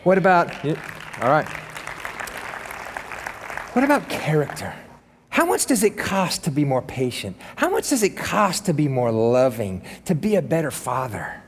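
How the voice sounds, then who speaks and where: A man preaching a sermon as pastor, animated and emphatic, with joking asides. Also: a little high, measured pace, pauses often, in a large hall, a faint crowd, slight background noise.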